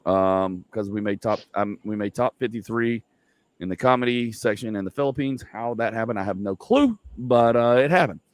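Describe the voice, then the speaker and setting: A man's voice: lowish voice, moderate pace, dry recording. A middle-aged man hosting a podcast from home, talking loosely with lots of fillers and jokes. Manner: loose, rambling, joking, many fillers. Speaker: podcast host. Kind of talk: casual podcast chat.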